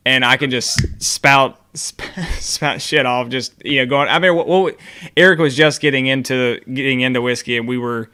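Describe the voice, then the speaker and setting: Bright, clear-voiced man rambling. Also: medium pitch, moderate pace. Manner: rambling, self-interrupting storyteller. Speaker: whiskey show co-host. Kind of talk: casual chat.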